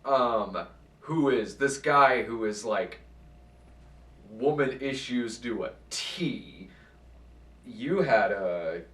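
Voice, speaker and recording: A man tells a convention story in a casual, lively way, swearing often and acting out what others said. He sits back from the mic. The room around him echoes. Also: medium pitch, very slow, pauses often, far from the mic. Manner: animated, profane, acts out quotes. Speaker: channel host.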